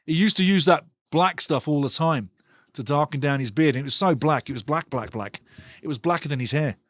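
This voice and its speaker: A man's voice: on the high side, a little fast, no echo. Passionate man hosting a football watchalong. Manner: passionate, ranting, chatty. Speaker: watchalong host. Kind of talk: live football watchalong commentary.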